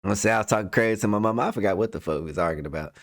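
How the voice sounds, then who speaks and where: A man's voice: on the low side, very fast. A young man reacting to a clip with loose, slang-heavy commentary and a personal story, laughing often.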